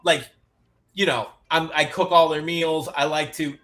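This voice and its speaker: A man with a brisk, bright tone tells stories about his kids in easygoing podcast banter. He acts out each person's lines as he goes and curses now and then. His voice sits a touch high for a man. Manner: animated storyteller, acts out quotes, swears freely. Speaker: divorced dad telling stories. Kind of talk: casual podcast chat.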